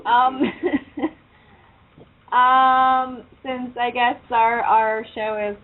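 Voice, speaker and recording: A woman's voice: fairly high pitch, level tone, very slow. A woman hosting a casual internet radio show. She talks loosely and swears often. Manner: loose, profane, chatty. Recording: tinny phone-like line with faint hiss.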